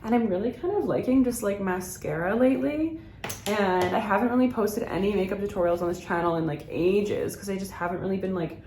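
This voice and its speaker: A woman's voice: mid-range voice, brisk, roomy sound, noisy background. A woman, chatting through a makeup routine and rambling with lots of "like" and laughter. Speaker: beauty vlogger. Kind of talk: chatty get-ready-with-me.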